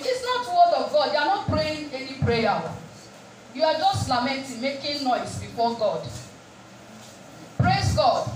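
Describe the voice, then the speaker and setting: A woman's voice: high-pitched, expressive, unhurried, slight background noise. A woman preaching a sermon. She asks the congregation questions and keeps saying "praise God" between points. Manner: call-and-response questions, repeated "praise God". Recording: echoey room, distant mic, faint music.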